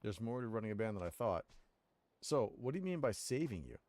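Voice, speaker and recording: A man voicing a stern male yakuza brawler in a game, speaking bluntly and deadpan. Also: fairly low pitch, brisk. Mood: flat.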